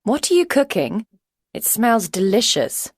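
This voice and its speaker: Textbook dialogue voice, read by a woman: everyday adult, lively intonation, dry close sound. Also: fairly high pitch, unhurried, breathy edge, dry recording, heavily acted. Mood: friendly. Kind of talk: scripted textbook listening dialogue.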